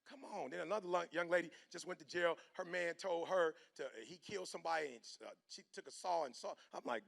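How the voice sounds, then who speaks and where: A middle-aged man giving a motivational talk, animated and preachy, with slang, swinging from hushed to loud. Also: fairly high pitch, fast talker, creaky, hardly any pauses. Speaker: motivational speaker. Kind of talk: motivational speech.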